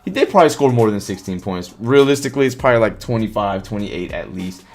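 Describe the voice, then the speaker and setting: Hosting a live stream about football, a man with a lowish voice talks at a quick pace. He's animated and swears freely, reacting to chat comments he reads out while faint music plays in the background.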